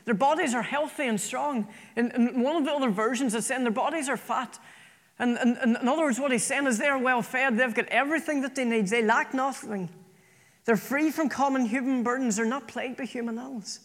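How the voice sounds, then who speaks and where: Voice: high-pitched, fairly quick, a bit bright. A preacher delivering an earnest sermon, often repeating phrases for emphasis. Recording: long reverb from a hall.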